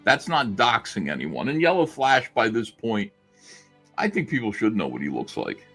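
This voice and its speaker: A man's voice: on the low side, huge pitch swings, moderate pace, fairly bright tone, husky, faint music behind. Rambling, sarcastic man telling a story. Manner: rambling, sarcastic, acts out quoted lines. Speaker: streamer recounting a story. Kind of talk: casual storytelling on a livestream.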